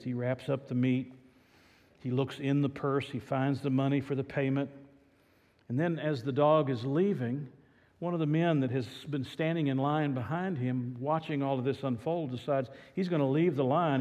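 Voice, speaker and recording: A man's voice: medium pitch, a little mellow. A man preaching a sermon, telling stories in an earnest, plain way. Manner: storytelling, earnest. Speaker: pastor. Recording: echoey hall reverb.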